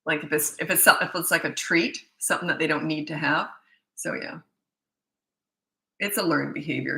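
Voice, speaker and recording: A woman's voice: low-pitched, fairly even intonation, normal speed, bright, forceful tone, roomy sound, low-quality recording. A middle-aged woman parenting coach answering viewer questions in a blunt, emphatic way, often restarting her sentences.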